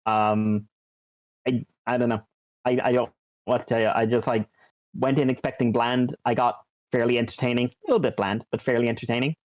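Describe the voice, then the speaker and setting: A man's voice: mid-range voice, flat delivery, fairly quick, dry recording. A man co-hosting a podcast, chatting casually and rambling with lots of fillers and restarts. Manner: rambling, lots of ums and likes. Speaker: podcast co-host. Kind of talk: casual chat. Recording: dull lo-fi dry sound.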